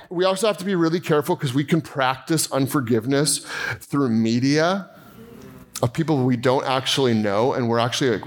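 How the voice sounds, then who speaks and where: A male pastor preaching a sermon in a conversational, animated way, often acting out quoted voices. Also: mid-range voice.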